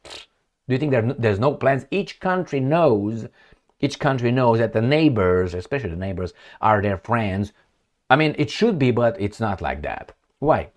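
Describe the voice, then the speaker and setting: A man's voice: mid-range voice, expressive, a little slow. A middle-aged man giving off-the-cuff commentary while reading news articles aloud, sarcastic and rambling, with many fillers and restarts. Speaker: political commentator.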